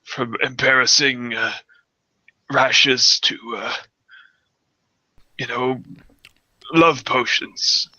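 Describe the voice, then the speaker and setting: An old man of the town, plain-spoken and a little grumpy about young people, as a man puts him on. He talks haltingly and fills his pauses with "uh". The tone is very bright, and the sound is dry and close. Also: medium pitch, steady tone, dry recording, heavily acted, poor audio. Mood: matter-of-fact. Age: older. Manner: plain-spoken, hesitant, many "uh"s. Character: old male townsperson, gruff about youth.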